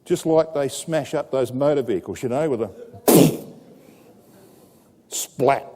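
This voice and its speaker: A man preaching a sermon to a congregation, telling a scripture story with dramatic rises and a lively, animated delivery. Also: mid-range voice, a little fast. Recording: echoey hall with long reverb.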